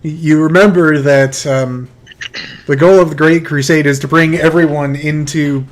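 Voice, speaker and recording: A man acting as game master, narrating a tabletop game in a halting way, often repeating words. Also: a little high, steady tone.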